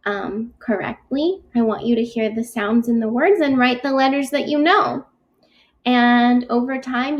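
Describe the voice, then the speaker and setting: Slow, high-voiced woman teacher. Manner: stretches words out slowly when sounding them out; encouraging, patient. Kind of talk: slow, gentle classroom instruction for young children.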